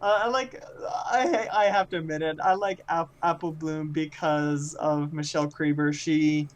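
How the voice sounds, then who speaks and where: A podcast co-host from Canada's West Coast, reading out listener questions in a giggly, halting way with many fillers. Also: medium pitch, steady tone, lo-fi sound. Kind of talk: casual chat.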